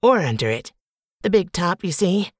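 A woman's voice: lowish voice, big pitch swings, moderate pace, a little mellow, dry recording, clean studio sound. A woman reading an audiobook, voicing a tiny male circus showman with playful, grandiose patter. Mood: showy. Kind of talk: audiobook character voice.

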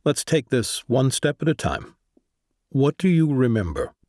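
A man's voice: mid-range voice, measured pace, no echo, studio quality. A man doing a patient navy commander. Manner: calm, reassuring.

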